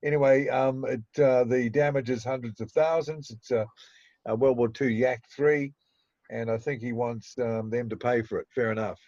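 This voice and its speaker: A man with a New Zealand accent swaps stories on a podcast, restarting sentences and chuckling as he goes. His voice sits at a middling pitch. The audio is dry and a little muffled. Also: fairly even intonation, normal speed, a little mellow, no echo. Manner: rambling anecdotes with frequent restarts and chuckles. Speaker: podcast co-host. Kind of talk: casual chat. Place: home studio in Auckland.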